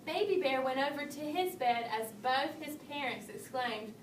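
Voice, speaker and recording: Reading a children's storybook at a moderate pace, a woman gives an expressive performance, her voice climbing higher whenever the bears speak. The recording is distant and off-mic, in a room with echo and light hiss.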